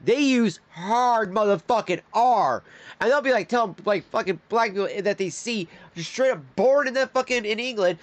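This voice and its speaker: A man's voice: sits high, animated, normal speed. A man streaming his reactions to videos, ranting with heated, profane outbursts. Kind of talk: live reaction stream commentary.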